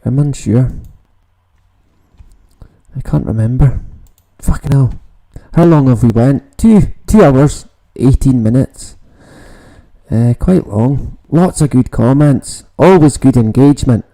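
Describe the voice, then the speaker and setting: Male streamer, unhurried and mellow-toned, rambling casual chat with swearing. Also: mid-range voice, rough recording. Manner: rambling, swearing, reads out viewer comments. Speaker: livestream host. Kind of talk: casual late-night livestream chat.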